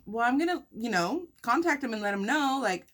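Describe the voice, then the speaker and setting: A woman's voice: fairly high pitch, expressive, a little fast, fairly bright tone. A woman vlogger telling a story casually while eating, chatty and sassy, with lots of filler words and quips. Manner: chatty, sassy storyteller full of "like" and "girl, bye". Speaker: mukbang vlogger.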